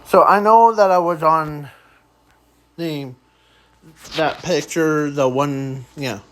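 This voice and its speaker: A man improvising a fan story aloud in a rambling, halting way, often trailing off. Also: on the high side, slight background noise, poor audio.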